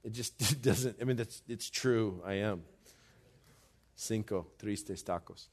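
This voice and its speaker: A man preaching a sermon as pastor, slow and deliberate, building to loud urgency in a church. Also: fairly low pitch.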